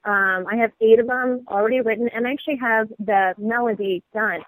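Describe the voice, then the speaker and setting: A woman actress and model chatting as an interview guest, bubbly and quick to laugh. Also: fairly high pitch, no echo, low-quality recording. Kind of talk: casual interview chat.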